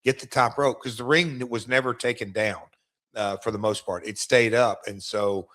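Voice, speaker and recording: A man's voice: on the low side, normal speed, fairly bright tone. Middle-aged man telling rambling stories. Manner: rambling storyteller, restarts sentences. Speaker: co-host and former wrestler. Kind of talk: casual podcast chat.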